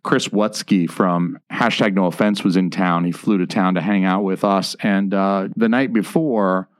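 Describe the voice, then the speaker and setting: A man hosting a casual podcast, talking in a loose, rambling way full of filler words. His voice sits a little low. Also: fairly even intonation, normal speed. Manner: rambling storyteller, lots of "like". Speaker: podcast host. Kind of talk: casual chat.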